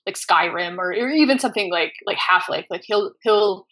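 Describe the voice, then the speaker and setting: Woman in her thirties, casual storyteller, animated, bright tone. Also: medium pitch, normal speed. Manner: animated, acts out quotes in voices, laughs often. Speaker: podcast guest.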